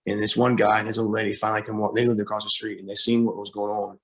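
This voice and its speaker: A young man, a guest on a talk show, telling a hard personal story, halting with fillers and restarts, close to tears at times. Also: lowish voice, completely flat delivery. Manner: halting, with many fillers and repeated starts.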